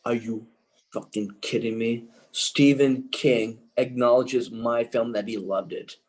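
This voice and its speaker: Older man, interview guest, excitable, rambling, restarts often, average pitch. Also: a little slow, poor audio. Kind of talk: rambling anecdotal storytelling.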